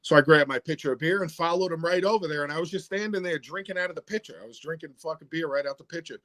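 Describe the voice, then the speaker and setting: A man's voice: fairly high pitch, fast, no room sound. A man telling a bar story in casual chat, swearing often and acting out the other people's lines. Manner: animated, swears often, acts out quotes. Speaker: rapper guest.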